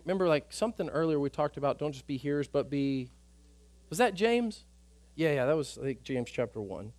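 High-voiced man preaching with emphasis. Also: animated, a little fast, no echo. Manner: emphatic, swings between loud urgent passages and quiet soft ones. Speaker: pastor. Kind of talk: sermon.

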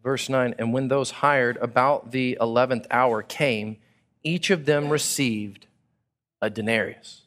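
A man from Texas, preaching a sermon and acting out people's thoughts in a casual, animated way. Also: mid-range voice, a little slow. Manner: animated, acts out listeners' thoughts in casual paraphrase. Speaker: pastor.

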